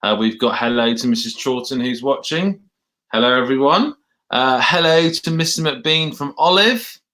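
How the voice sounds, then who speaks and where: A male teacher hosting a school morning livestream in a casual, friendly way, pausing with "uh" as he reads out names. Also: mid-range voice, sharp tone. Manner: friendly, with "uh" pauses while reading out names. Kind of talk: casual chat.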